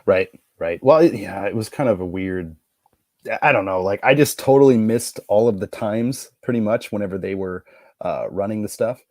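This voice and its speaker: Low-voiced man, dry close sound. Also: normal speed, a little mellow, no echo. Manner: hesitant, lots of backchannel agreement. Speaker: podcast co-host. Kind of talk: casual chat.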